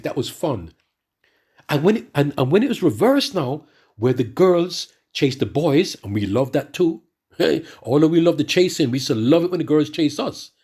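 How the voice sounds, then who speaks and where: Husky, higher-pitched ranting man. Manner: animated and repetitive, stammering restarts. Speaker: religious speaker addressing the brethren. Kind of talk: ranting monologue with scripture reading.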